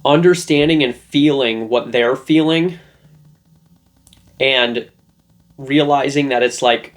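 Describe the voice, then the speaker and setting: A man's voice: medium pitch, slow pace, long pauses. A man hosting a relationship advice lesson, talking loosely and conversationally. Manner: loose, conversational, with fillers and restarts. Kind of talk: casual talking-head lesson.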